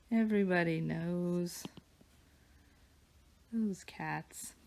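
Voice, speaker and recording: A woman with a lowish voice and a gravelly fry chats away as she draws. She meanders from story to story and drops into soft murmurs as she works. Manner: chatty and meandering, drifting into soft murmurs while working. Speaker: digital artist and vlogger. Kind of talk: casual chat while drawing. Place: home studio with her dog nearby.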